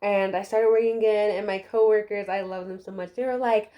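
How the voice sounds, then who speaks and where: A woman's voice: medium pitch, fairly even intonation, fairly quick, hardly any pauses, warm tone. A young adult woman giving a casual, heartfelt life update to her viewers while doing her hair, talking chattily with many fillers. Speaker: vlogger.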